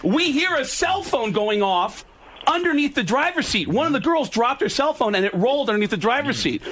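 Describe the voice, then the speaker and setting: A man's voice: very high-pitched, sing-song, a little fast, slight background noise. A male comedian telling a rambling, profane story as a guest on a radio show, at a studio microphone. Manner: rambling, profane, speeds up and gets louder at the punchlines.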